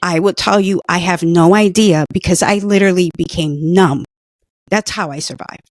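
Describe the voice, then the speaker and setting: A woman's voice: on the low side, moderate pace, no room sound, studio quality. A middle-aged woman earnestly telling a personal story in conversation, emotional at times. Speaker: guest, former patient.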